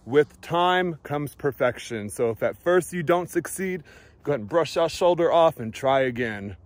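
A man's voice: a little high, animated, normal speed, no echo. A man chatting playfully on a vlog outdoors in a park, grandiose and mock-preachy. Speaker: uncle joining the vlog. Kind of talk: casual vlog chat.

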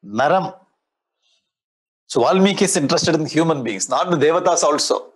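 Husky Indian swami giving a discourse. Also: male voice, fairly high pitch, expressive, normal speed. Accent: Tamil-influenced Indian English. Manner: explains Sanskrit verses line by line, with playful mimicry and chuckles. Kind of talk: spiritual discourse.

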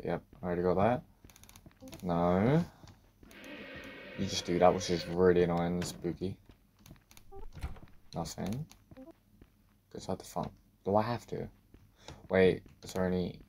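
Deep-voiced guy playing a spooky game, mutters, swears a lot, keeps yelping out loud. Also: slight background noise. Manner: jumpy, swearing, talks to himself, sudden loud outbursts. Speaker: gaming video creator. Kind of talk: let's-play horror game commentary.

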